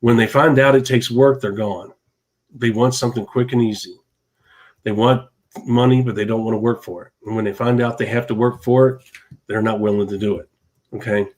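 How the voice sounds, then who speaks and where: A man's voice: mid-range voice, fairly even intonation, moderate pace, a little mellow. Emphatic man preaching motivation. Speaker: podcast host. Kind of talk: motivational monologue.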